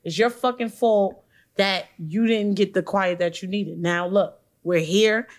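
Animated, profane woman host. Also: mid-range voice, a little slow. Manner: animated, profane, acts out voices. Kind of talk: casual chat.

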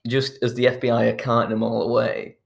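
A man's voice: mid-range voice, completely flat delivery, fast talker, vocal fry. A man in casual chat, retelling a film plot in a rambling way, restarting his sentences and chuckling as he goes. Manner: rambling, restarts often, chuckles while telling.

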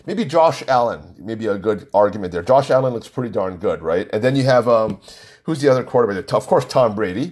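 Animated, husky-voiced man ranting. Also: medium pitch. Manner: emphatic, repetitive, rambling with fillers. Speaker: podcast host. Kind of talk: solo sports podcast rant.

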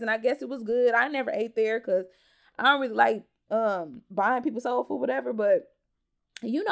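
High-voiced woman ranting on her podcast. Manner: profane, animated, talks straight to listeners as y'all. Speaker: podcast host. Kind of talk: casual storytime rant.

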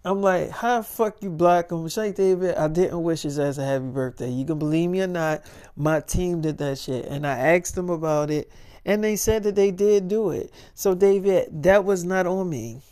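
Man doing a clingy young celebrity woman, profane and defensive, mellow tone. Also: high voice, moderate pace, smooth, close to an everyday voice.

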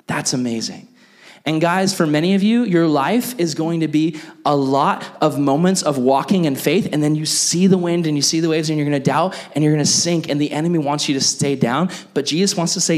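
A young adult man preaching a sermon as pastor, animated and acting out the voices he quotes. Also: fairly high pitch, moderate pace.

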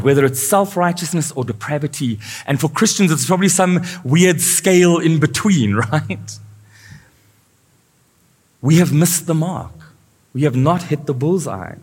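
A man's voice: on the high side, animated, unhurried, darkish tone, husky. A male pastor preaching a sermon, asking his congregation questions as he goes. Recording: live church sound with long reverb.

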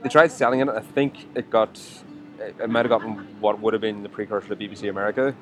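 A man's voice: fairly low pitch, steady tone, over music. An Irish man co-hosting a podcast, chatting casually and joking with his co-host. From Ireland. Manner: quick, jokey, swears casually. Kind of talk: casual chat.

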